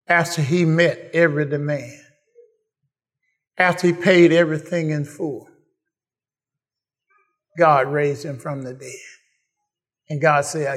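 A man preaching a sermon, repeating phrases and building to shouted praise. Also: a little high.

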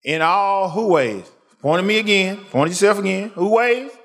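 A high-pitched man preaches a call-and-response sermon at a normal speed. He's animated, pushing the congregation to answer him back.

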